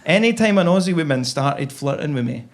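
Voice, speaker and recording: A man's voice: a little high, animated, brisk. A young Scottish man with a Scottish accent doing a chatty, self-deprecating stand-up set on stage. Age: young adult. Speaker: stand-up comedian. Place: comedy club stage.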